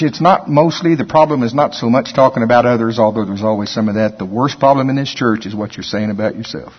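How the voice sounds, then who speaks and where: A man pastor preaching a sermon in a church, reading scripture slowly and then commenting on it in a folksy, conversational way. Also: mid-range voice, husky. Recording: long hall reverb, dull lo-fi sound.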